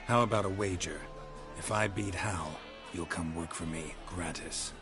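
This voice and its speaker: An actor voicing a gruff male monster hunter who speaks in a terse, calm, dry way, in video game acting. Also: sits low, moderate pace, natural voice. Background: game music.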